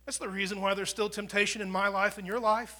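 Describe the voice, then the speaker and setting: A man from the United States preaches quickly in a voice that sits high, his tone level. The sermon is conversational, ranging from loud proclaiming to near whispers, with frequent repetitions and restarts.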